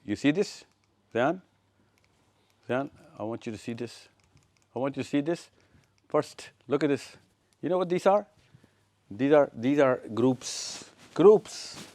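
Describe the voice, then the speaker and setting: With a mid-range, slightly mellow voice and lively intonation, a touring speaker moves at a moderate pace and pauses often. He leads a live slide lecture before an audience in an event room, repeating phrases and calling on people by name. There's no echo.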